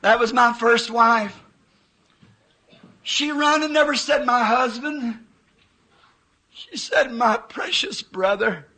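A man's voice: extremely high pitch, slow, long pauses, bright, forceful tone, poor audio. A man preaching a sermon, telling a vision with emotional, fervent quoted dialogue.

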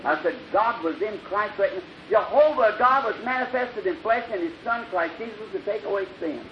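A man preaching an old-time revival sermon, telling a story and acting out the dialogue, swinging from loud bursts to hushed lines. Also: high-pitched, animated, normal speed. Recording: dull lo-fi archival recording with hiss.

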